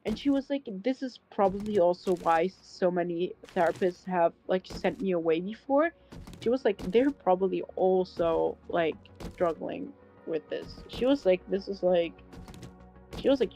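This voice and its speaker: Young woman streamer, animated storyteller, swears freely, faint music behind. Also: on the low side, normal speed, gravelly. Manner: animated, swears a lot, laughs often. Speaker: livestreamer. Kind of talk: casual storytelling chat.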